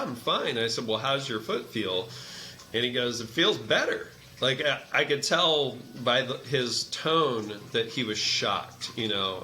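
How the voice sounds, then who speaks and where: A man with a bright, forceful voice tells a story in relaxed conversation. He speaks as a massage therapist and energy healer, and he acts out each quoted line with its own voice. A faint hiss sits under the recording. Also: medium pitch. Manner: animated storyteller who acts out quoted dialogue. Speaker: meditation teacher.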